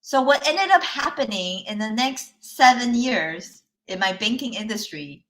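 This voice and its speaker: A woman's voice: a little high, expressive, measured pace, hardly any pauses, a bit bright, slight background noise. A woman life coach giving a live online workshop, telling a personal story in a chatty way, often checking in with listeners and laughing lightly between points.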